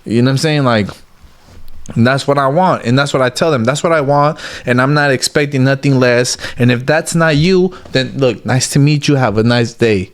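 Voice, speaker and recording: A man's voice: mid-range voice, normal speed. Blunt slangy man telling stories. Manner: blunt street slang, constant "bro" and "like"; animated storytelling, acts out quotes. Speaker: interview guest. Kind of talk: casual interview talk.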